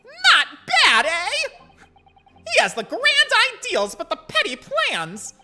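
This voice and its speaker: A man reading game dialogue as an excitable young con man with a put-on Italian accent, exuberant and theatrical. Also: very high voice, slow pace, over music, pitched above the performer's own voice, heavily acted. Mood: gleeful.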